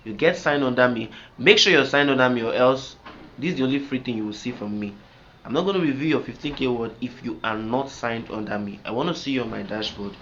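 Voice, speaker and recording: A man's voice: medium pitch, fairly bright tone. Emphatic man coaching writers. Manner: emphatic, repetitive, asks "do you get me?". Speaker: writing coach. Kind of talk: instructional talk to camera. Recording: slightly dull lo-fi sound with faint noise.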